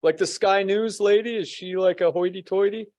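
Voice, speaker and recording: A man's voice: sits high, steady tone, normal speed, a little mellow, no echo. An American man hosting a casual chat, joking and teasing with the occasional swear.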